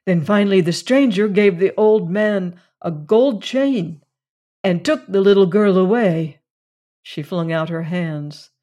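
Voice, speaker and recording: A reader giving a measured, scripted narration of a classic mystery story. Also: medium pitch, mellow. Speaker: audiobook reader.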